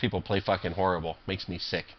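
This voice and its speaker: Low-voiced man, cranky and foul-mouthed, talks over his poker games in a muffled lo-fi take. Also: level tone, fast talker. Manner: irritable, swearing, rambling with many fillers and restarts. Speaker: online poker player commentating his own games. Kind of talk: profane live game commentary.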